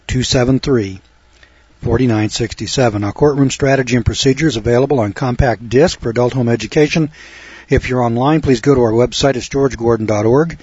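A man's voice: medium pitch, slightly rough, no echo. A man giving lecture-style radio commentary, folksy and sardonic, with a lecturing cadence, recorded on a dull lo-fi radio recording.

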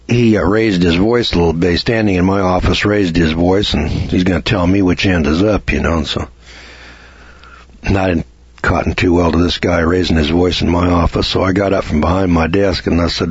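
A man's voice: deep voice, breathy edge, no room sound, dull audio. A middle-aged man, hosting a radio lecture, who talks in a folksy way and asks lots of rhetorical questions.

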